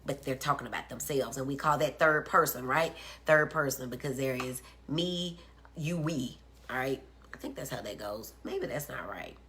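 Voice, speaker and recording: A woman's voice: extremely low pitch, normal speed, a bit bright, a little hiss or hum. A woman giving a casual livestream lecture as a doctor, explaining things and checking in with her viewers. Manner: chatty, explains and checks in with "okay?", greets viewers by name. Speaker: doctor teaching about autism on a livestream.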